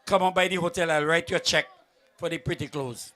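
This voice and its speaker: A man with a Vincentian accent voicing a boastful big man who gushes in a low voice. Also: fairly even intonation, brisk, fairly bright tone, close to an everyday voice. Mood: gushing. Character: grateful boastful big man, nearly drowned.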